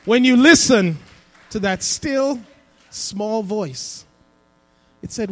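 A man preaching a sermon as pastor in a church, dropping to a hush and then rising to emphatic cries. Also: sits high, animated, slow pace. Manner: preaching with swings between hushed and emphatic delivery. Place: church sanctuary.

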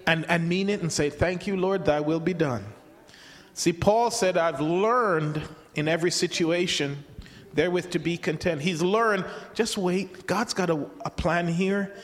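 High-voiced male preacher in a reverberant hall. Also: a little slow. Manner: conversational, repeats words and restarts, acts out quoted voices. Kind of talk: sermon.

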